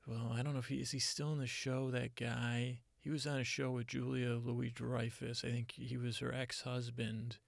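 Gravelly, flat-voiced man telling a rambling story. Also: medium pitch, no room sound, clean studio sound. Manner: halting, repeats himself, deadpan.

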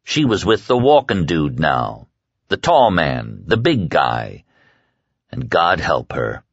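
A man narrating a horror audiobook in a dramatic, expressive storytelling manner. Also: low voice, slow, creaky, breathy edge, no room sound, lo-fi sound. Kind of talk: scripted narration.

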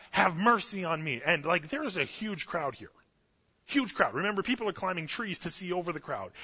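A man in his thirties from Canada, preaching a sermon as pastor in an animated, casual storytelling way. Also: a little high, breathy edge. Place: church sanctuary. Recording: dull lo-fi audio with long church reverb.

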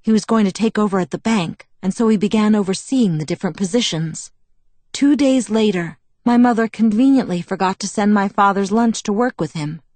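In a dry, natural recording, a woman with a medium-pitched, darkish voice reads an audiobook at a fairly quick clip. She plays a proud, bitter young vampire woman who recounts her past with wistful self-mockery.

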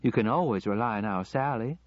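A man's voice: lowish voice, a little fast, no echo, lightly acted. A man voicing a fussy, soothing wife from the American South with a Southern accent, in a lilting, placating manner. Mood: coaxing. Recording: slightly dull lo-fi recording.

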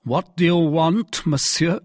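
A man voicing a calm, commanding foreign nobleman who speaks in a measured way. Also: a little high, no echo, clean studio sound, voice pushed up. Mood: cool. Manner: measured, authoritative.

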